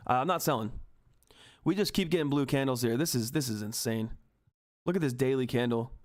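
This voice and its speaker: A man hosting a live stock market stream, talking excitedly and emphatically to his chat from home, repeating himself for emphasis. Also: mid-range voice, a little fast. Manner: hyped, repetitive, emphatic, swears mildly. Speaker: stock market livestream host.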